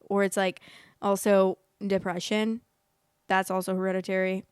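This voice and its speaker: Young female vlogger, talkative and self-amused, clear voice in a dead-quiet room. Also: mid-range voice, flat delivery, normal speed, dry recording, studio quality. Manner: rambling, chatty, laughs at own jokes. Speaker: host. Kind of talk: casual chat reading and reacting.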